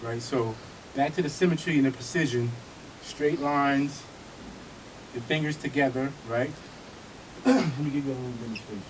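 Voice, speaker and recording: A man's voice: medium pitch, normal speed, long pauses, noisy background. A man teaching a vogue dance class, talking casually and a little out of breath, checking in with his students as he demonstrates. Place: dance studio with music playing. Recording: music playing behind.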